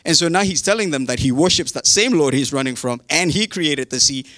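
A man's voice: on the high side, lively intonation, fairly quick, a bit bright, dry recording, clean studio sound. A man preaching a casual sermon, retelling a Bible story in a chatty, humorous way with modern slang.

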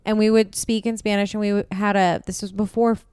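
A woman chats in a teasing, inquisitive way. Her voice is smooth and clear, recorded close and dry with no room sound. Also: mid-range voice, flat delivery, darkish tone, dry recording. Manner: teasing, quick to question and laugh. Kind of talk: casual chat.

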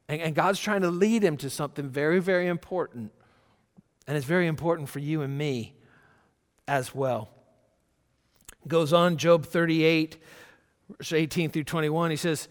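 A man's voice: fairly high pitch, normal speed, in a large hall. A man preaching a sermon, reading scripture with rising force and breaking into conversational asides. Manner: animated, rising loud when quoting scripture, conversational asides. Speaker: pastor.

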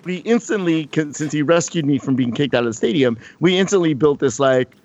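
A man's voice: on the high side, expressive, fairly quick, a little mellow, muffled recording. A man, co-hosting a casual podcast and telling a long story with lots of restarts and fillers. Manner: rambling, many restarts and fillers. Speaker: podcast co-host.

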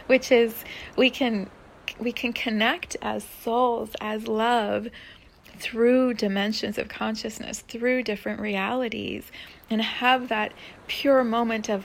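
A woman hosting a spiritual podcast, talking in a soft, dreamy way that often sinks into a breathy whisper. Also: fairly high pitch, a little hiss or hum. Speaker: podcast host.

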